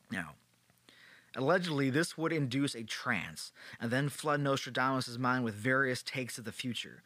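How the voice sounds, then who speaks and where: A man's voice: mid-range voice, animated, unhurried, pauses often, sharp tone, no room sound. A man hosting a podcast, telling a history story in a casual, playful way with sarcastic joking asides. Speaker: podcast host.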